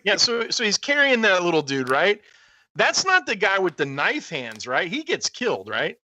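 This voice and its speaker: Excitable bright-voiced man asking questions. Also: sits high, normal speed, no room sound, poor audio. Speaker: podcast co-host. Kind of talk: casual movie chat.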